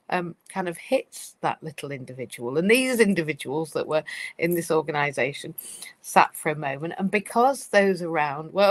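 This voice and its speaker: A woman's voice: low voice, no room sound, rough recording. A woman giving a live-streamed talk about workplace change. She tells it as a story, talks to listeners directly with fillers and asides, and acts out other people's worried voices. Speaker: speaker on change in organisations.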